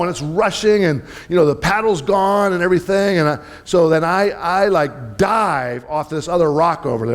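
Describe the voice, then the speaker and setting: A middle-aged man preaching a sermon in a relaxed, conversational way, telling a personal story, repeating words and putting questions to the audience. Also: high voice. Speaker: pastor.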